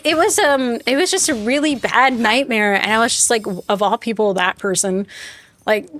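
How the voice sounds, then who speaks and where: A woman's voice: a little high, fairly bright tone. A woman streaming a game live, telling a rambling story in casual chat and talking back to her viewers. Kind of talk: casual chat while playing.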